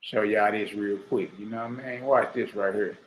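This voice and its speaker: A man giving heated, mocking reaction commentary, repeating himself and bursting into shouts. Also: lowish voice, fairly even intonation, moderate pace, a little hiss or hum. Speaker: online commentator. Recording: roomy echo.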